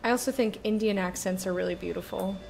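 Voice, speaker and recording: A woman streaming a video game and chatting casually with her viewers, talking in a drawn-out way that lingers on words. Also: mid-range voice, gravelly, a little mellow, slight background noise.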